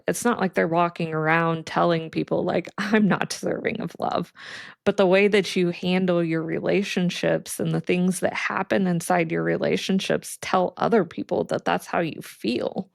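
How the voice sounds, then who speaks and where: A woman co-hosting a podcast, talking in a slow, thoughtful, reflective way in casual chat. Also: lowish voice, vocal fry, no room sound, studio quality. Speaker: podcast co-host.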